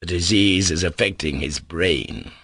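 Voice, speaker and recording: A man voicing an old male doctor, calm and matter-of-fact. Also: sits low, unhurried, husky, no echo, studio quality, full character voice.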